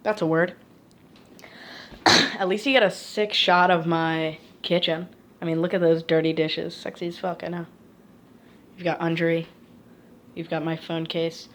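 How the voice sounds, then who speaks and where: A woman's voice: fairly low pitch, flat delivery, measured pace, pauses often, a bit bright. A woman vlogging in her home kitchen, filming on a phone in one hand, rambling and swearing to herself as she cooks. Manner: rambling, profane, muttering to herself. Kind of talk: casual self-filmed cooking vlog. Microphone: phone held in one hand.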